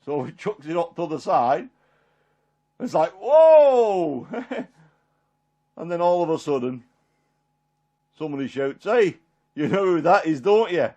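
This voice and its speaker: A man's voice: on the high side, very animated, slow pace, pauses often, warm tone. A man playing Peter, a chatty fisherman. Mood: homely. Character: apostle Peter, middle-aged fisherman, homely and warm-hearted. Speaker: performer in a one-man Bible drama. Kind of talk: dramatic character monologue.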